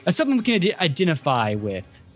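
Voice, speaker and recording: A man's voice: fairly high pitch, wildly swooping pitch, quick pace, muffled recording, soft background music. Upbeat man co-hosting a podcast. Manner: enthusiastic, upbeat recommender. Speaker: podcast co-host. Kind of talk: casual chat.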